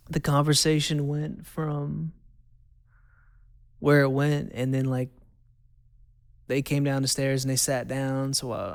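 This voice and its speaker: Casting: man in his twenties, gravelly yet smooth voice, candid testimony, dry close sound. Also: mid-range voice, no room sound. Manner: candid, conversational, repeats phrases for emphasis. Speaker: host. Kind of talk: personal testimony.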